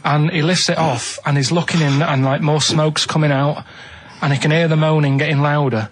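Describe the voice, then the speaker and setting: A man telling a rambling riddle story on a radio show, halting and repeating himself, checking in with "right?". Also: on the high side, fairly even intonation.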